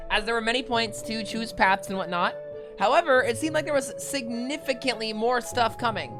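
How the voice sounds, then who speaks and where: Excitable high streamer with lively pitch. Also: female voice. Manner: excitable, reacts loudly, swears. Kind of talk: live let's play commentary. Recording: voice over game music. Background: game music.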